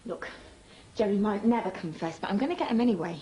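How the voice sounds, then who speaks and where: A woman's voice: medium pitch, lively intonation, fast, warm tone, slight background noise, natural voice. An actress playing a determined, vengeful woman. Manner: determined, insistent. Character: determined bruised woman out for revenge. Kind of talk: TV drama dialogue.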